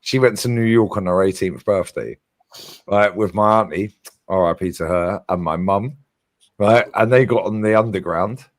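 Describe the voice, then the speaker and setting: A London man hosting a stream on a video call, chatting casually in quick slang with laughter and swearing. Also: fairly low pitch. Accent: London English. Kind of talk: casual chat.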